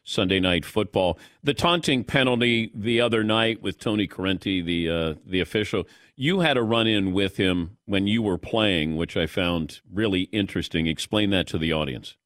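A man hosting a sports talk radio show, asking brisk, pointed questions of his guest. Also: low-pitched, a bit bright, dry recording, studio quality. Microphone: studio broadcast mic.

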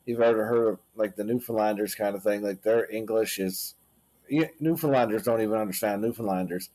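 Low, mellow trucker. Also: male voice, a little fast. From Canada. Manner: rambling, thoughtful, many fillers like "kinda thing". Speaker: guest, former owner-operator trucker. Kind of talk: casual podcast conversation.

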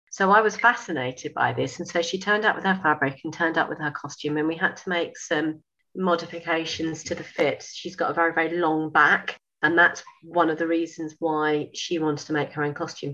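Woman, 50s, storyteller, low voice, dull lo-fi sound. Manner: animated, laughing, acts out dialogue. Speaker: sewing school owner. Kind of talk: casual storytelling.

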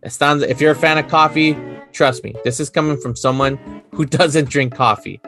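A man's voice: a little high, fairly even intonation, fairly quick, a bit bright, soft background music. A man co-hosting a podcast, chatting casually and laughing often. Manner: laughs a lot, joking. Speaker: podcast co-host. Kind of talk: casual chat.

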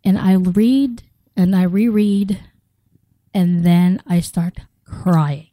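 A woman's voice: lowish voice, slow pace, warm tone, dry recording, rough recording. A middle-aged woman from the Philippines telling her own story in an interview, acting out the quoted dialogue and laughing often. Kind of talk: personal storytelling.

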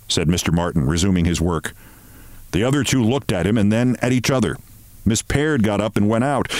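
A man hosting a show, reading a short story aloud in an expressive, measured way. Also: fairly low pitch, dry recording.

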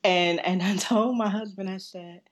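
A woman telling a personal story as a guest, lively and laughing often, acting out what others said. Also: medium pitch, normal speed. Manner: animated, laughs often, acts out quoted voices. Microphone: remote call.

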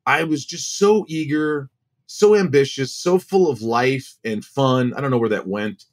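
A man in his forties, a guest actor, telling stories in a casual, animated way and acting out the voices he quotes. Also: medium pitch, a little slow. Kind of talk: casual storytelling.

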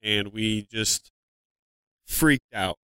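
Smooth-voiced man telling a story. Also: fairly low pitch, extremely slow, sharp tone, no echo. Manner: rambling, frequent "like" fillers and swearing. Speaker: comedian guest. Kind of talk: casual storytelling in a podcast interview.

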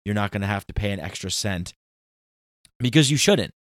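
A man's voice: on the low side, lively intonation, normal speed, no echo, studio quality. A man hosting a podcast, talking in a casual, ranting monologue with emphatic outbursts. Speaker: podcast host.

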